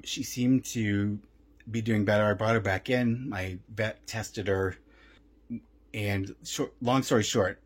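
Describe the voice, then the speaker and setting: A man talking casually at home on his vlog about his rescue cats, chatty and repeating himself. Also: on the low side. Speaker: vlogger and cat rescuer.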